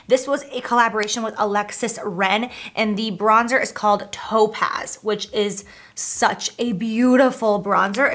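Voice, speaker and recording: A young woman chatting casually through a makeup tutorial, gushing over products and sometimes dropping to a soft near-whisper. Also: mid-range voice. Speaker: beauty vlogger.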